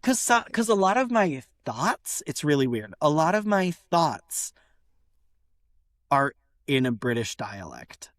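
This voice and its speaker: A woman's voice: deep voice, slow pace, dry recording, clean studio sound. An American woman co-hosting a podcast, chatting casually and telling stories with lots of put-on voices. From United States. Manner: animated storyteller, slips into voices. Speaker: podcast co-host. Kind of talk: casual chat. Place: lives in London.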